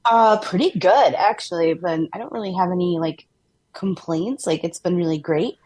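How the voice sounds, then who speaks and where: Minnesotan lady chatting on a podcast, upbeat, laughs a lot, kinda low voice. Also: normal speed, darkish tone, husky. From Minnesota, USA. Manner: chatty and upbeat, laughs often, many "like" fillers. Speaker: podcast co-host. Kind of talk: casual chat.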